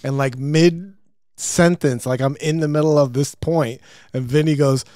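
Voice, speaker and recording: A man's voice: fairly high pitch, fairly even intonation, unhurried, mellow, no echo. A man hosting a podcast, telling stories in casual chat with lots of swearing and laughter. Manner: swearing, storytelling, laughing often. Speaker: podcast host. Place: studio.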